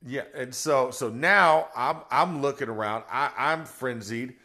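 A middle-aged man, a former football player, telling a story on a podcast in a lively way, acting out quotes and laughing. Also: mid-range voice, a little slow. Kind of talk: animated storytelling.

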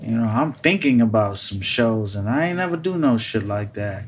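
A man chats with friends, his voice even and unhurried, dropping slang and curses freely. He sounds like a working musician trading stories about early shows. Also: lowish voice, breathy edge. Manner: loose, slangy, profane. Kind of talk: casual chat.

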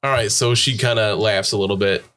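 A man's voice: fairly low pitch, fairly even intonation, brisk, fairly bright tone. A man narrating a tabletop game as game master in an easygoing, chatty way.

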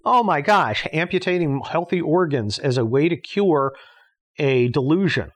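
A man's voice: on the high side, lively intonation, measured pace. A man hosting a podcast in a casual monologue, talking bluntly and sarcastically, swearing often and restarting his sentences. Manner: blunt, sarcastic, profane ranting with frequent restarts. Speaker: podcast host.

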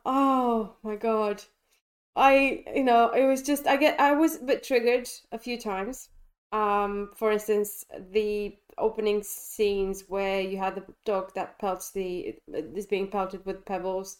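A podcast co-host, a woman, talks through a film she has just seen with bright enthusiasm. Her voice sits in an ordinary middle pitch, and she often breaks off and restarts her sentences as her thoughts tumble out. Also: a little slow. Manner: animated, enthusiastic, frequent restarts. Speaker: podcast co-host reviewing films. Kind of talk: casual film discussion. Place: London.

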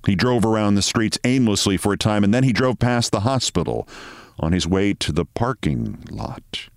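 A man reading a short story aloud in a measured, even narration. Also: fairly low pitch, gravelly, no echo, studio quality.

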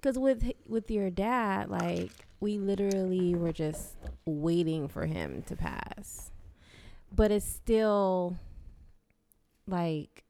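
A woman's voice: mid-range voice, big pitch swings, slow pace, warm tone. A woman chatting casually, chiming in with questions and comments. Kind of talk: casual chat.

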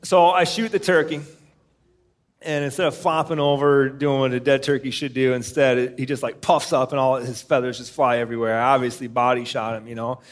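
A man's voice: medium pitch, flat delivery, a little fast. A man telling a long hunting story on stage at a live podcast show, rambling with lots of "uh" and laughter. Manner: rambling anecdote full of "uh" and laughter. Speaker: podcast co-host.

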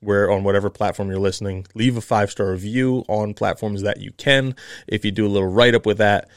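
A man co-hosting a podcast, chatting casually and telling stories with plenty of pauses and fillers. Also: lowish voice, dry recording, clean studio sound. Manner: relaxed, halting storyteller with many fillers. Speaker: podcast co-host. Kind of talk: casual chat.

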